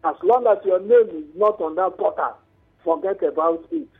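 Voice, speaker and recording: A male caller speaking on a phone-in radio show, animated and preachy, dragging out words for emphasis. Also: high voice, moderate pace, breathy edge, faint music behind. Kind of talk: phone-in call. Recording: tinny phone line on radio.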